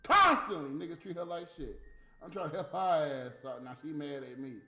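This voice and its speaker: High-voiced man ranting in an echoey room. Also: fairly quick. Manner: profane, heated, scolding rant with loud bursts. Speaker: livestream host. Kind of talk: unscripted ranting monologue. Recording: echoey room with faint music.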